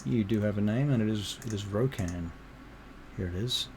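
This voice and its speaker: A man's voice: lowish voice, normal speed, very noisy. A man running a tabletop game as game master, narrating with lots of hesitations and ums. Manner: hesitant, full of ums, chatty.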